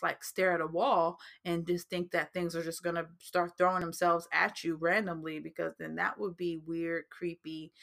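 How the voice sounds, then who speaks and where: Hosting a laid-back faith-based advice podcast, a woman from New Jersey speaks in a fairly low, fairly bright voice with a New Jersey accent. She's chatty, tends to repeat herself, and leans on fillers a lot.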